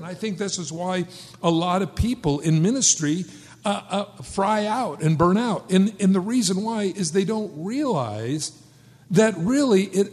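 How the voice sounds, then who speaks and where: A man's voice: high-pitched, a little mellow. A man preaching a sermon as pastor, emphatic and conversational, with wry asides. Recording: long hall reverb.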